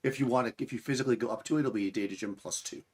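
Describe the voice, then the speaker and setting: A man's voice: mid-range voice, very fast, a little mellow, slightly rough. A man running a tabletop game as game master, explaining rules and correcting himself as he goes.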